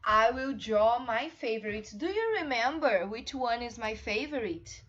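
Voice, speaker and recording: A young woman teaching English to small children in slow, encouraging, sing-song questions, recorded on a laptop mic. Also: fairly high pitch, expressive, fairly bright tone. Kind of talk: children's online class with songs. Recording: slightly dull lo-fi home recording.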